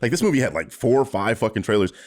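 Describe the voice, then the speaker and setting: A young man giving casual, animated movie commentary, talking freely with lots of fillers and swearing. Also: mid-range voice, quick pace. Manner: animated, profane, chatty with many fillers.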